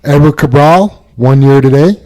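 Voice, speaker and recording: A man's voice: on the high side, normal speed, dark tone, poor audio. A man hosting a casual company podcast, upbeat as he reads out staff news and anniversaries. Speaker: podcast host.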